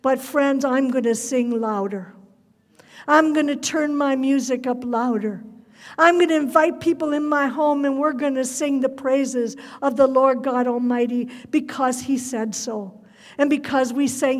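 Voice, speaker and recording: Woman, preacher, fervent sermon, high voice, reverberant hall. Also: unhurried. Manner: fervent, rising to loud cries on quotes.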